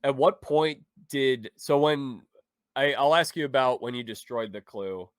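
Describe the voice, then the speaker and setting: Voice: mid-range voice, unhurried. An interview host asking laid-back follow-up questions and laughing along with the guest.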